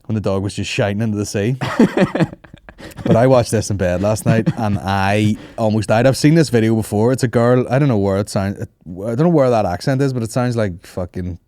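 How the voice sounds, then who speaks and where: A man's voice: fairly low pitch, a little fast, no room sound. A man hosting a podcast, telling stories casually with plenty of swearing and laughter. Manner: swearing, laughing, animated storytelling. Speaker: podcast host.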